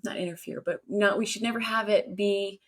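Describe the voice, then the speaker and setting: A woman's voice: medium pitch, fairly even intonation, a little fast. A woman co-hosting a podcast, chatting casually and earnestly, often restarting her sentences. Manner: warm, earnest, stumbles and restarts. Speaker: podcast co-host. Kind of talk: casual chat.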